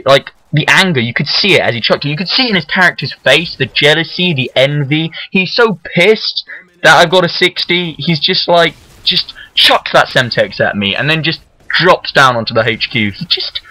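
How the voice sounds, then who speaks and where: A man giving angry, excitable, swearing commentary over his own gameplay video into a gaming mic. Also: mid-range voice, brisk, dry recording, low-quality recording. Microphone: headset-style gaming mic.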